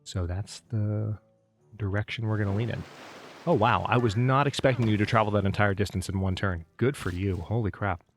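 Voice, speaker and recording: A lower-pitched man chatting his way through a strategy game, thinking aloud and bantering with the units as he plays. Soft music runs faintly under his voice. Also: moderate pace. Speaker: let's play host. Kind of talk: casual gameplay commentary.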